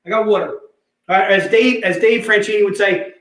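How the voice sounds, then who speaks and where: A man hosting a live comic book sale, pitching deals in energetic, repetitive, joking hype talk. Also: a little fast. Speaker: host selling comic books. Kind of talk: live online sales pitch. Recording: echoey room.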